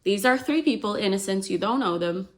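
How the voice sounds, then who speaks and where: A woman's voice: mid-range voice, lively intonation, fairly quick, natural voice. A woman voicing a cruel, scheming faerie queen who taunts casually in her own everyday voice. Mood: taunting.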